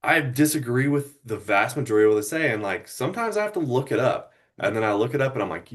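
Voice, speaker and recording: A man co-hosting a political podcast, relaxed, laughing and agreeing often in casual chat. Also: medium pitch, fast, few pauses. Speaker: podcast co-host.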